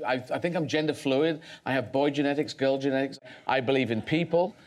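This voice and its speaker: A man's voice: mid-range voice, fairly quick. A man as a guest on a talk show, speaking thoughtfully, rambling, with many restarts.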